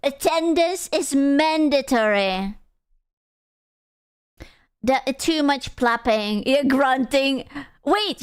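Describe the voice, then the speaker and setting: Brief: woman streamer, casual crude banter with chat, high and clear, dry mic. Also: no echo. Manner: crude, joking, reacting to chat.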